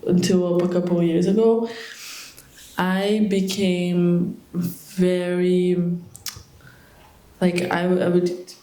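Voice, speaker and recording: A young woman with a slightly low voice asks a question at a monastery retreat Q&A. She speaks hesitantly, searching for words and restarting often. Her voice rings out in an echoey hall through a handheld microphone. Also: flat delivery, takes it slowly, long pauses, mellow. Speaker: retreat participant asking a question.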